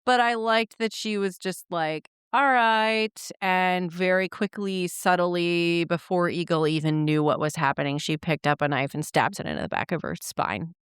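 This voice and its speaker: A woman's voice: fairly low pitch, moderate pace, hardly any pauses, clean tone, no echo, clean studio sound. A woman co-hosting a book podcast, chiming in with her opinions and reenacting scenes in a giggly, casual way. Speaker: podcast co-host. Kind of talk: casual book recap chat.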